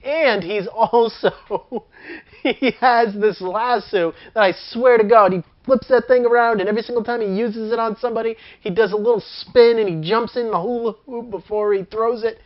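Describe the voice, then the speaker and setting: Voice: mid-range voice, normal speed. Chatty film reviewer who laughs often; mid-range voice, dull lo-fi recording. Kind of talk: casual movie review.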